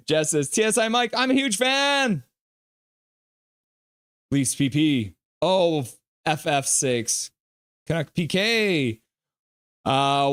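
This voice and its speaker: A man's voice: a little high, clear, resonant tone. Man, live stream host, play-by-play, casual chat reading, jokey banter.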